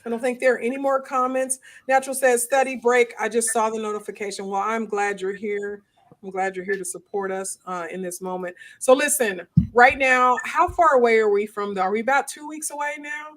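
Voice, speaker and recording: Animated woman hosting a live chat. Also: fairly quick. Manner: animated, laughing, rising to high pitch when joking. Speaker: host. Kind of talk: casual live-stream chat.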